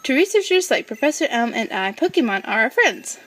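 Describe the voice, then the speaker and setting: A woman's voice: a little high, sing-song, a little fast, fairly bright tone, distant mic. A woman voicing a friendly older male professor while playing a game, reading his lines cheerfully.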